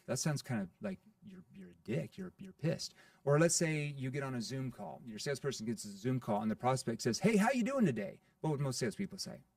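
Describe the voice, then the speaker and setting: A fast, gravelly-voiced man talks through sales tips in an animated, demonstrative way. He sounds a little far from the mic, in a dry, unechoing room. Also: medium pitch, dry recording. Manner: animated, acts out playful sales lines. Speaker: sales coach guest. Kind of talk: podcast interview.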